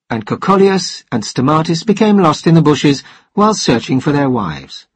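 A man narrating a novel in steady, even storytelling, with a husky voice. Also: a little high, dry recording. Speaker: audiobook narrator. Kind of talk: scripted narration.

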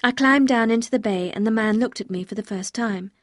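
A woman reading a novel aloud as first-person narrator, in a clear, measured storytelling manner. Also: on the high side, dry recording, clean studio sound. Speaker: audiobook reader.

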